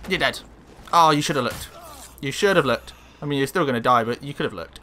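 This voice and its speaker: A man casually commentating on his own gameplay, sweary and excitable, talking back to the characters on screen. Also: medium pitch, brisk. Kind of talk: casual let's-play commentary.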